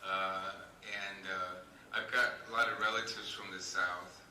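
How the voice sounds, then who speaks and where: Low-voiced man, rambling in an echoey hall. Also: level tone, unhurried, pushed and bright. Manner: rambling anecdotal storytelling with many fillers. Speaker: actor answering audience questions. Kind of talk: convention panel Q&A. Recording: echoey hall, distant mic, noisy.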